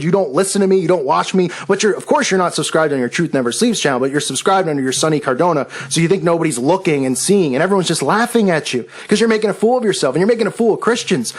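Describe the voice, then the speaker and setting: A man hosting his own channel, delivering a combative, sarcastic rant at a rival. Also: high-pitched. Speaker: video channel host. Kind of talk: angry rant video.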